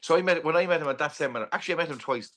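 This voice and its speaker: A man's voice: fairly high pitch, rapid-fire, fairly bright tone. An Irish man in his forties, a podcast guest chatting casually and telling stories with many restarts. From Ireland. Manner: rambling storyteller with many restarts. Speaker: podcast guest, pub owner.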